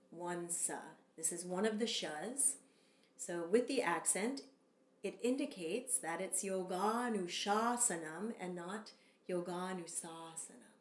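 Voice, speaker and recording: Slow, calm woman teaching yoga sutras. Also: medium pitch, reverberant. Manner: calm, slow and measured, with long drawn-out chants. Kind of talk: Sanskrit sutra lesson with call-and-response chanting.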